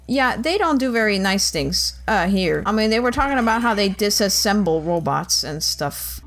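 A woman hosting a gaming channel, casually commentating her playthrough, joking and talking to the characters on screen. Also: fairly high pitch. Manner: chatty, joking, reacting aloud and talking to game characters. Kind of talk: casual let's-play commentary.

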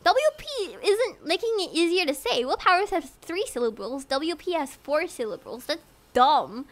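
A woman's voice: high-pitched, animated, normal speed. A young woman from Singapore, streaming and chatting casually, giggly and rambling, often laughing. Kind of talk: casual livestream chat.

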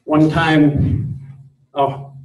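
An earnest man giving a spiritual talk in a hall, gently insistent and repeating himself for emphasis. His voice sits a bit high. The sound is roomy, picked up from some distance away. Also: level tone, very slow. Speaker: speaker on spirituality.

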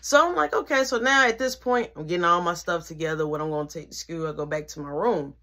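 A woman's voice: on the low side, fast. Slangy teen woman telling a storytime. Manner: slangy, animated retelling with whispered asides. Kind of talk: casual storytime.

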